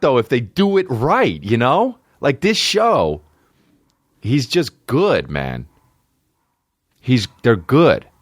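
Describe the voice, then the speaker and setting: A man hosting a podcast, talking in a loose, rambling way full of swearing. His voice sits very deep but leaps up and down in pitch. The recording is dry and close, with no room sound. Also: no room sound. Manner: rambling, swears a lot, big jumps in pitch. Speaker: podcast host. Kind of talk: casual chat. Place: home studio with barking dogs nearby.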